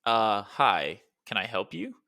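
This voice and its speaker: A man voicing a sarcastic young man in an audiobook who talks fast when he is flustered. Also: on the low side, sing-song, gravelly, pushed and bright, exaggerated voice.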